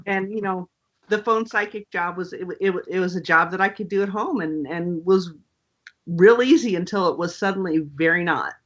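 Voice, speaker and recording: Bright, wry woman telling a story. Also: medium pitch, unhurried, pauses often, muffled recording. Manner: animated, wry, lots of fillers. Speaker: author guest. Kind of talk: casual storytelling in an interview.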